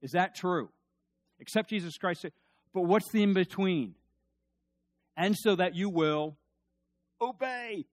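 A man's voice: high voice, takes it slowly, long pauses, no room sound. Emphatic preaching man, dry close sound. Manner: preaching with rising emphatic bursts and call-and-response. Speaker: pastor. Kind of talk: sermon.

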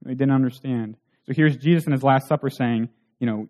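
A man's voice: mid-range voice, brisk, hardly any pauses, warm tone. A man preaching a sermon in an earnest way, asking rhetorical questions.

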